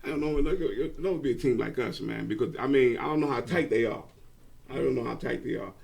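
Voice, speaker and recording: A middle-aged man, a former coach, reminiscing about his team in a halting way, repeating words as he gets excited. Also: mid-range voice, vocal fry. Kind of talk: reminiscing conversation.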